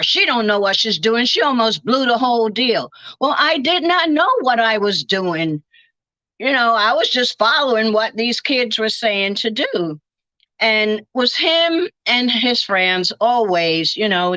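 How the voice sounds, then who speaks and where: A woman's voice: fairly high pitch, sharp tone, no room sound, dull audio. Older woman telling family stories. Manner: storytelling, acting out quoted dialogue. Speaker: interviewee. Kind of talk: reminiscing interview.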